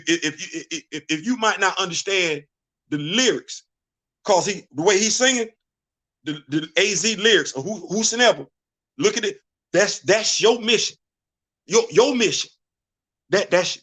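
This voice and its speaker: A man's voice: high voice, animated, a little slow, fairly bright tone. A middle-aged man hosting a casual livestream, talking in loose slang, stammering through repeated restarts and breaking into bits of song. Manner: repetitive, stammering restarts, sings snatches of songs. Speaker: host. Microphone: streaming setup.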